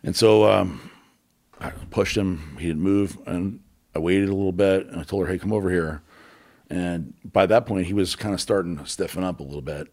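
A man candidly telling a personal story as an interview guest, halting, with many fillers and blunt swearing. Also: low-pitched, a little mellow, faint music behind.

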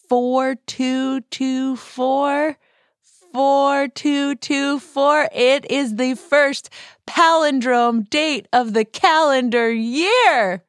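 A middle-aged woman from the Boston area hosts a podcast in a playful, chatty way, sometimes almost whispering. Her voice sits at a middle pitch. She is recorded close and dry, with no room sound. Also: no room sound. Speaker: podcast host. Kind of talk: casual chat.

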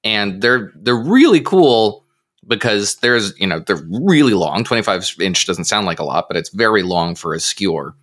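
Man, lower voice, podcast panelist, measured delivery, filler pauses. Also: animated, a bit bright. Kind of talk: casual panel chat.

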